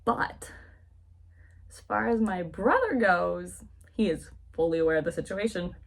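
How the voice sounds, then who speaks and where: Woman voicing a blunt, calm young man. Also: fairly low pitch, a little slow, creaky, full character voice. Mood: firm. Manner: level, blunt, matter-of-fact.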